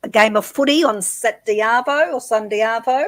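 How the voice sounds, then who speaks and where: A woman with an Australian accent co-hosts a relaxed live chat. She sounds chatty and encouraging, and her voice is fairly high. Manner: chatty, encouraging, quick to laugh. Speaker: co-host. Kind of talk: casual live-stream chat.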